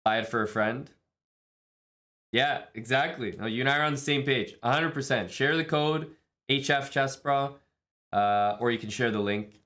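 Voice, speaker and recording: A man's voice: mid-range voice, moderate pace, pushed and bright. A man streaming live, chatting casually with viewers and thanking them, laid-back and jokey. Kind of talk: casual stream chat, reading viewer messages.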